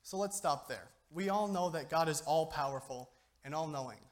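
A man's voice: on the high side, moderate pace. Joking young man giving a sermon. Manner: joking, conversational, keeps asking "okay?". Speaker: lay speaker giving a youth sermon. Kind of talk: informal sermon.

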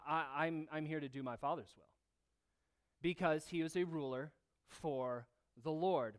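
Smooth-voiced man preaching a sermon. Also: fairly high pitch, a bit bright. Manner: earnest preaching, reads scripture aloud. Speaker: pastor.

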